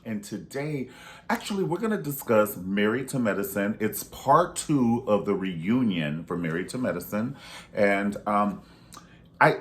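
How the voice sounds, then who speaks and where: A man casually reviewing a reality show, sassy and animated, jumping between high exclamations and low asides. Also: slight background noise. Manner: animated and sassy, with big pitch jumps and sudden whispers. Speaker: reality TV commentator. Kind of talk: casual commentary vlog.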